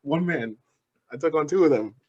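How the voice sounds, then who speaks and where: A man's voice: on the high side, animated, darkish tone, lo-fi sound, slight background noise. A young man in casual chat as a podcast co-host, telling stories with frequent laughs. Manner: laughing storyteller, quick asides.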